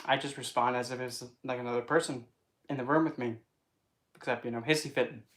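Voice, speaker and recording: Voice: medium pitch, steady tone, a little fast, fairly bright tone. A vlogger talking casually to camera in a chatty, rambling and playful way, often breaking into put-on voices. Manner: playful, wordplay and asides. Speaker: spiritual vlogger.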